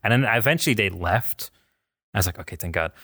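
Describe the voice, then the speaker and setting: Lowish-voiced man telling a story. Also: lively intonation, fast, bright, forceful tone, dry recording, clean studio sound. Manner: acts out quoted voices. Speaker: podcast host. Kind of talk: casual storytelling chat.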